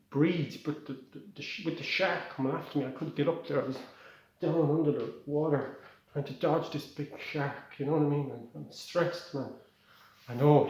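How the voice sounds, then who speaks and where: A man's voice: medium pitch, darkish tone, heavy reverb, lightly acted. A man voicing a stressed, out-of-breath male dolphin who rants and swears.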